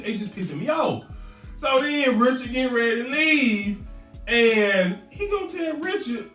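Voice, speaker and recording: A man's voice: extremely high pitch, unhurried, distant mic. A man casually recapping a TV episode, exclaiming at the characters and laughing as he talks. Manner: animated, exclaims at the characters, laughs while talking. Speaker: TV show reviewer. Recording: echoey room, off-mic, faint music.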